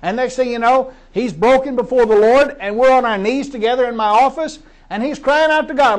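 A man's voice: very high-pitched, a little fast, hardly any pauses. A middle-aged man preaching as a pastor, telling stories of faith earnestly and repeating words as he builds up. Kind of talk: storytelling sermon.

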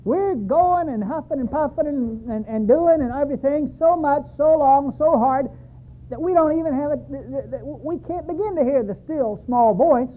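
A man's voice: very high voice, moderate pace. A man preaching a sermon, telling his own story with emphatic repetition. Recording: tinny, phone-like sound.

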